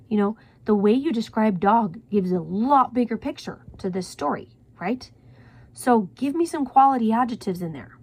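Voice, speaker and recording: A woman's voice: medium pitch, creaky, a little mellow. A woman teaching a writing class, chatty and self-correcting, sometimes dropping to a whisper for her examples.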